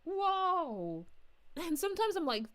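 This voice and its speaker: A woman's voice: very high voice, big pitch swings, takes it slowly, a bit bright, heavily acted. A woman voicing a bubbly, giggly young princess as a VTuber streamer, chatting with viewers in character. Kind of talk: in-character livestream chat.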